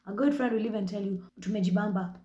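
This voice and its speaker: A woman in her twenties with a Kenyan accent, hosting her own podcast in a blunt, profane, animated storytelling style. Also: lowish voice, moderate pace, echoey room, slight background noise. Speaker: podcast host. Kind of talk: casual monologue.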